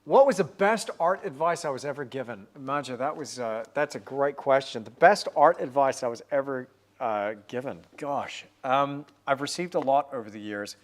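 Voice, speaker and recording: A man's voice: mid-range voice, normal speed. A man in his forties hosting a livestream, painting while chatting upbeat and answering viewer comments.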